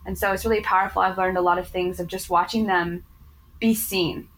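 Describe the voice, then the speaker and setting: A woman's voice: on the low side, steady tone, a little fast, a bit bright, slight background noise, poor audio. A woman in her thirties, a yoga teacher, earnestly telling stories from her work as an interview guest, with lots of "like" fillers. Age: 30s. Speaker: yoga teacher in addiction recovery. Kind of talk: personal storytelling in conversation.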